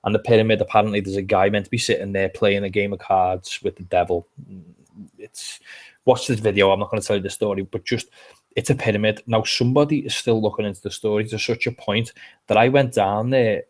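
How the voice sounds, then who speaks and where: A podcast co-host from England with a Liverpool accent chats casually, telling rambling stories full of restarts. His voice is fairly low and steady in tone, and he talks fairly quickly.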